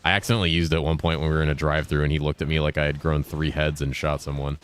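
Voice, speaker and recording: Very deep-voiced laid-back man streaming. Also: little pitch movement, slight background noise. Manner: laid-back, profane, reads and answers chat while playing; deliberately enunciated speaking voice, lifted inflection. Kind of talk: casual gaming livestream chat.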